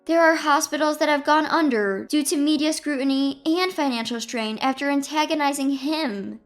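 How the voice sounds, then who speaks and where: A woman's voice: sits high, normal speed, faint music behind, pitched above the performer's own voice. A woman voicing an anxious woman at a hospital who speaks urgently and scolds in a storybook drama.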